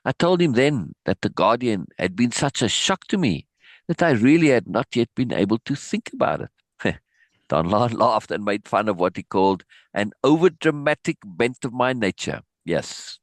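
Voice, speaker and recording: A man teaching, reading a book passage aloud and breaking off with animated, laughing asides and restarts. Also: mid-range voice, moderate pace, no room sound.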